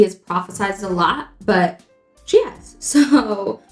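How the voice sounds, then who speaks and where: A woman's voice: medium pitch, animated, slow pace. Young female makeup vlogger, mid-range voice, chatty and meandering, echoey room. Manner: chatty and rambling, lots of "like". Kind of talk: casual storytelling while doing makeup. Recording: echoey room, faint music.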